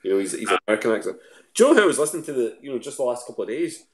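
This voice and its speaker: A man's voice: medium pitch, sing-song, rapid-fire, echoey room. A Scottish man chatting casually as a radio guest, rambling with fillers and restarts. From Scotland. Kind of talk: casual chat.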